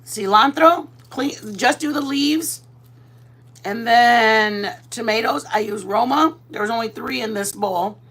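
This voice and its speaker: A woman's voice: fairly high pitch, a little slow, a bit bright. A woman from Texas chatting casually while she cooks on a livestream, laughing often and mixing in Spanish words. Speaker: vlogger. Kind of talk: casual cooking livestream chat.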